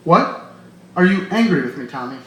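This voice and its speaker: A man reading aloud as a hesitant middle-aged man on the phone, halting and stammering as he speaks. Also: fairly high pitch, expressive, pushed and bright. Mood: flustered. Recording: echoey bar room with light noise.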